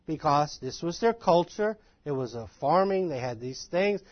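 A man giving an informal, animated and self-deprecating lecture to a live class of ministry students, in a folksy manner. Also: on the high side, normal speed, hardly any pauses, no echo, lo-fi sound. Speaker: ministry trainer.

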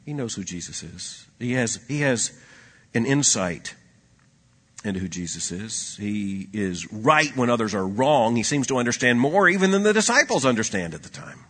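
A man preaches a sermon in a husky voice, middle-pitched. He pushes some lines out loud and emphatic, then drops others to a hushed, low aside. The sound carries a long reverb, as in a large hall. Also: expressive, moderate pace.

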